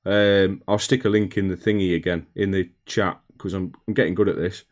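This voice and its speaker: Chatty man, lowish voice. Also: flat delivery, fairly quick. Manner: chatty, swears casually, calls viewers mate. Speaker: streamer reading chat. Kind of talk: casual live-stream chat. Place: home hobby room.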